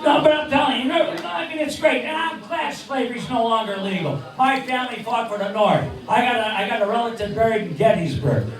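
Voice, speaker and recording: Lively older comic, animated high voice, far-off mic in an echoey bar with crowd. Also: male voice, fairly quick, few pauses. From Cleveland, Ohio. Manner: jokey, rambling punchlines, lively delivery. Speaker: ventriloquist comedian. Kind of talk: stand-up comedy. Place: neighborhood bar stage.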